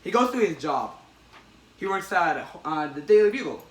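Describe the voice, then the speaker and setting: A man hosting a casual comic-book chat podcast, excitedly retelling a story with many restarts. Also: fairly high pitch, moderate pace. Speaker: podcast host. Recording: echoey room, distant mic.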